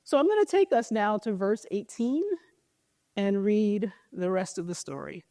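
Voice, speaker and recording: A woman's voice: medium pitch, big pitch swings, moderate pace, dark tone, dry recording, studio quality. A woman giving a conversational sermon, retelling a story casually with lots of filler words. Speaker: preacher. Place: church service.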